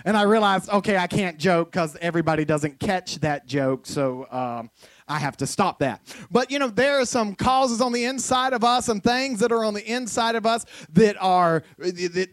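A man's voice: sits high, dry recording. A man preaching a sermon as pastor, in a loose conversational way full of jokes and family stories. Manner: conversational, joking storyteller. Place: church.

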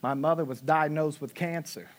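A man preaching in a fairly high voice, spinning a personal story and acting out every quote. He swings from near-shouting to hushed, soft moments, his pitch leaping around as he goes. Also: steady tone, normal speed. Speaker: pastor. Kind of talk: sermon.

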